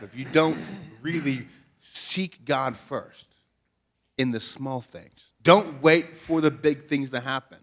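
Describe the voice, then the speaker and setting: Speaking slowly in a mid-range voice, a man gives a chapel congregation a folksy, joking sermon. As their pastor, he keeps the tone conversational and asks many rhetorical questions.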